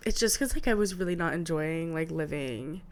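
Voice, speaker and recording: A woman's voice: deep voice, expressive, normal speed. A woman in her twenties co-hosting a podcast, telling her story hesitantly with many fillers. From Canada. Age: 20s. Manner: hesitant, many likes and ums, laughs while recounting. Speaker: podcast co-host. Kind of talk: casual chat.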